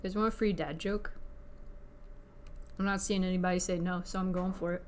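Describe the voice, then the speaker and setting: A woman streamer in casual livestream chat, chatty and excitable, talking while eating. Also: lowish voice, fairly quick, slight background noise. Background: faint background music.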